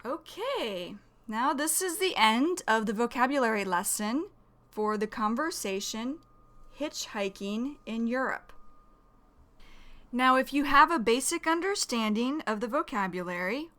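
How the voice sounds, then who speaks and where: A woman teaching English vocabulary, explaining each word slowly and carefully. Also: a little high, lively intonation, bright, forceful tone. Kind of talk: vocabulary lesson.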